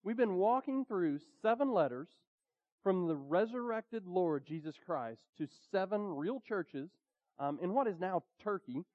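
Male pastor, mid-high voice, chatty sermon full of ums, muffled lo-fi sound. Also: unhurried. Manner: conversational with frequent fillers, lively emphasis.

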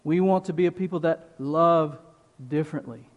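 A man preaching a sermon as pastor, slow and emphatic, leaning on repeated phrases. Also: on the high side, lo-fi sound. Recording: long reverb of a large hall.

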